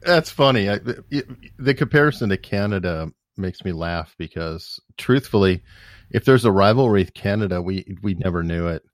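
Low-voiced podcast host, dry sound. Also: male voice, expressive, moderate pace, no room sound. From United States. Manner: curious, amused, asks musing questions. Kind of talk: casual podcast interview.

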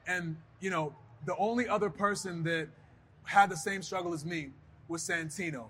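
High, bright-voiced man telling stories. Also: moderate pace, slight background noise. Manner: animated, acts out voices in his stories. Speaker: guest, pro wrestler. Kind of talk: casual interview storytelling.

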